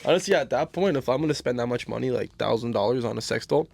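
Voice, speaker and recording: A man's voice: medium pitch, expressive, fast, gravelly, a little mellow. A man, a podcast guest telling stories in crude, slangy casual chat, tossing in "bro" constantly.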